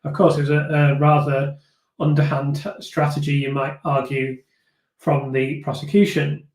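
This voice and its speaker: A man's voice: fairly high pitch, little pitch movement, moderate pace, darkish tone. A man hosting a live stream, chatting casually and thoughtfully as he reads viewer comments, with frequent fillers and restarts. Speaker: host of a live viewer discussion. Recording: echoey room.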